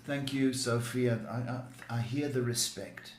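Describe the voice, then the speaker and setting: Slow, emphatic male psychic host. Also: mid-range voice, roomy sound, faint music behind. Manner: emphatic, blunt advice with repeated words and restarts. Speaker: psychic tarot reader and show host. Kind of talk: live-stream advice show.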